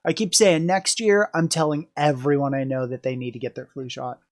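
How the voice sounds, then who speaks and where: A man's voice: a little high, steady tone, fairly quick. A sick, weak man talking in a casual vlog from indoors, out of breath, sighing and swearing as he rambles. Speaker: streamer vlogging about being sick. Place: indoors at someone else's house.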